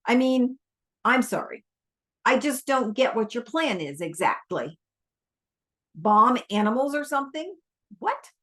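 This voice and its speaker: Fed-up young scientist guy read by a woman, slow pleading audiobook voice. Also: a little high, expressive. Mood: exasperated.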